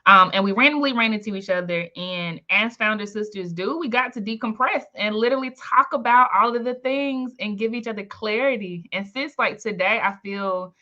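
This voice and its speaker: A woman hosting a live webinar with lively energy, calling out chat names and welcoming everyone in. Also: mid-range voice, moderate pace, few pauses, dull audio. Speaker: webinar host. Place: home, in Maryland.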